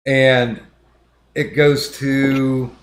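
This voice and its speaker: A male podcast host telling a story in casual chat. His voice sits at an ordinary middle pitch, and he swears a lot. He stumbles over restarts as he works himself up. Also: flat delivery, very slow. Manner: profane, heated retelling with many restarts.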